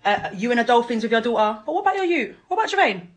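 A woman ranting at her child's father on a live stream, confrontational and mocking, swearing and bursting into loud laughter. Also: on the high side, very animated, rapid-fire, low-quality recording. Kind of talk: angry live-stream rant.

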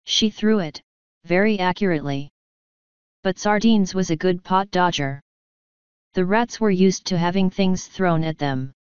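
A woman narrating a comic fantasy audiobook in a steady, lightly wry storytelling manner. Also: fairly low pitch, unhurried, smooth, dry recording, muffled recording.

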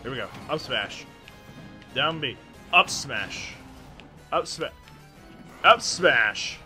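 A man hosting excited gameplay commentary, yelling and laughing at the plays. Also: medium pitch, slow pace, soft background music. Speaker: gaming channel host.

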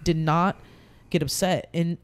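A woman's voice: on the low side, fairly even intonation, measured pace. A woman speaking as a podcast guest, talking candidly and heartfelt about grief, rambling with frequent restarts.

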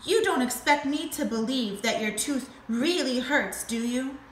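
A woman's voice: high-pitched, unhurried, roomy sound, a little hiss or hum. A woman voicing a cheeky male monkey in a storybook, teasing.

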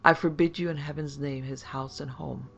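A woman voicing a calm, learned older judge who speaks in a measured, solemn way in an audiobook reading. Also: low voice, creaky, lo-fi sound.

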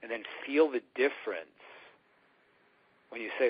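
A man's voice: lowish voice, moderate pace, husky. A man speaking as an earnest spiritual teacher in a conversational radio interview, often acting out the inner voices he describes. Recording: dull lo-fi radio recording.

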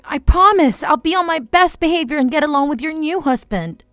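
Woman voicing a high bright pleading teenage girl. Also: expressive, fairly quick, no room sound, studio quality, faint music behind. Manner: pleading, tearful. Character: desperate teenage girl begging her mother.

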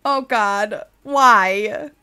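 A woman's voice: medium pitch, very slow, sharp tone, smooth, faint music behind. A woman in her thirties streaming a game live, chatting with viewers, laughing often and crying out while she plays.

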